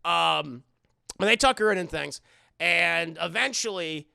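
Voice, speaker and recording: On a clean studio recording with no room sound, a man speaks at a measured pace in a slightly high voice with vocal fry. As a streamer doing a movie review, he recaps the film live in a casual, profane, rambling style full of fillers, chatting with his viewers.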